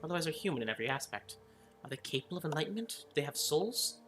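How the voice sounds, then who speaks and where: Bright-voiced chatty gamer. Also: mid-range voice, big pitch swings, rapid-fire, faint music behind. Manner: chatty, giggly, reads in-game text aloud. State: hiccuping. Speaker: let's-play gamer. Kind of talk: casual gameplay commentary.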